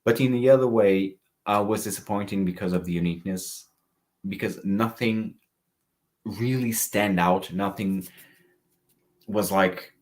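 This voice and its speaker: Very low-voiced man reviewing fragrances. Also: unhurried. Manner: chatty, reads live chat comments aloud. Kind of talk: casual livestream review.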